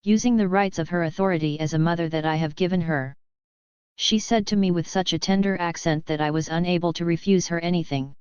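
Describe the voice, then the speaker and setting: A woman reading devotional writings aloud in a slow, even, reverent way. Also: on the low side, clear, resonant tone, no echo. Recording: dull lo-fi recording.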